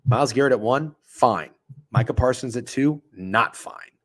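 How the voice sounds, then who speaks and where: A man in his thirties hosting a sports betting stream, talking casually and excitably with lots of profanity while reacting to his chat. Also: medium pitch, normal speed, no room sound. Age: 30s.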